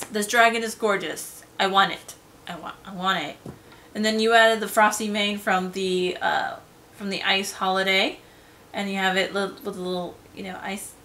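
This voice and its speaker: A woman giving a casual solo review vlog, gushing and chatty, often trailing off into soft whispered asides. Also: medium pitch. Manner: chatty, fillers and self-corrections. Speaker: game lair reviewer.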